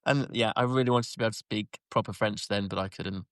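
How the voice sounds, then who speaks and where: A man's voice: on the low side, fairly even intonation, fast, no room sound, clean studio sound. A man from England telling a rambling story in casual podcast chat, laughing often. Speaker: podcast co-host.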